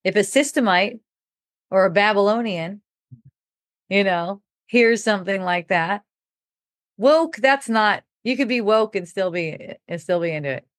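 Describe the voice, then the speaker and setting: A woman's voice: mid-range voice, unhurried, no echo, studio quality. A middle-aged woman telling a personal story in casual talk, laughing often and acting out what people said. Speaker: podcast speaker.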